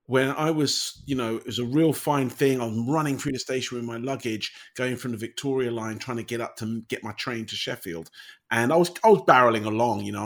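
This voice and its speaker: Man, husky voice, animated anecdotal chat, casual swearing. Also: mid-range voice.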